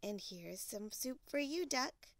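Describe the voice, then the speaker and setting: A woman voicing an eager little male bear cub in a storybook read-aloud, with a high, sing-song manner. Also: expressive, unhurried, no room sound.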